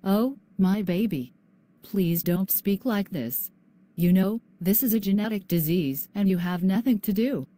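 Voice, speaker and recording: A woman's voice: medium pitch, animated, a little slow, dark tone, lightly acted. A female student playing a tender, comforting mother. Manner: tender, reassuring.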